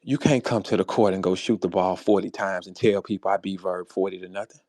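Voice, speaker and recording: A man with a St. Louis accent calling out a rival in a heated, profane monologue, tossing in "bro" and "man" and swinging from low muttering to loud high outbursts. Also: fairly even intonation, a little fast, dry recording, studio quality. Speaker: battle rapper addressing a rival. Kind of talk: heated monologue on a live audio space.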